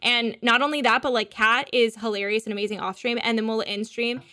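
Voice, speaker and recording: A woman's voice: fairly high pitch, steady tone, pushed and bright. A woman guest on a podcast chatting playfully and gushing about friends. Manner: gushing, playful, quick to tease. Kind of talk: casual podcast chat.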